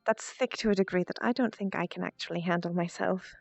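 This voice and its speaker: A woman doing a calm, seductive posh librarian. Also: fairly low pitch, quick pace, vocal fry, no echo, muffled recording. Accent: put-on posh English. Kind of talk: in-character VR role-play.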